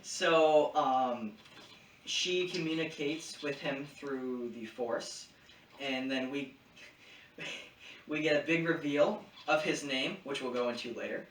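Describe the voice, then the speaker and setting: A man co-hosting a relaxed podcast, recapping a show as if talking to friends. His voice sits in the middle range. The sound is roomy and distant, with faint background hum. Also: medium pitch, slow. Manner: retells plot casually, slipping into quoted voices. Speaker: podcast co-host. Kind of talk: casual recap chat. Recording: echoey room, distant mic, faint hum.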